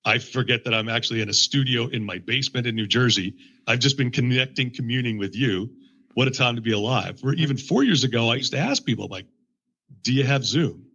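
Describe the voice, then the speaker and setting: An animated, husky male coach on a lo-fi line. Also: mid-range voice, quick pace. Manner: enthusiastic, animated storyteller. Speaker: executive coach, guest. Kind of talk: conversational interview. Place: home studio in a basement.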